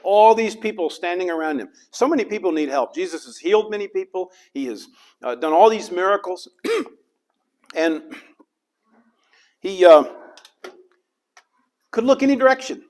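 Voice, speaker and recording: A middle-aged man preaches a sermon as a pastor, with a voice that sits a bit high for a man. He delivers it dramatically and slips into the voices of the people in the story. His delivery rises and falls as he tells the story. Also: a little mellow. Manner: dramatic, acts out the crowd's and Jesus' lines.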